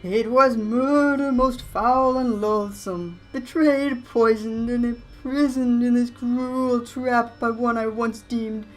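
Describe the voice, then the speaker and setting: A woman voicing a mournful, grandiose male knight ghost who speaks in archaic, theatrical drawn-out phrases. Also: on the high side, steady tone, faint music behind, voice pushed up. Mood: aggrieved.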